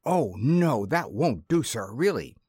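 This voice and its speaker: A man voicing an unctuous, fawning male hotel proprietor in an audiobook, pleading and smooth. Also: medium pitch, sing-song, slow, a little mellow, no echo, studio quality, heavily acted. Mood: desperately pleading.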